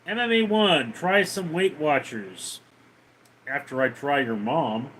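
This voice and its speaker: A man's voice: a little high, slow pace, a bit bright, a little hiss or hum. A man hosting a casual livestream, reading viewer comments aloud and answering them with teasing, crude banter. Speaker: livestream host.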